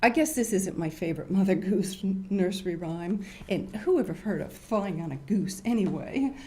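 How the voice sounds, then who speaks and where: An older woman hosting a children's show, reading stories in an animated, sing-song way. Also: mid-range voice, moderate pace, slight background noise. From United States. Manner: animated, sing-song storyteller, acts out loud and whispered voices. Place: studio.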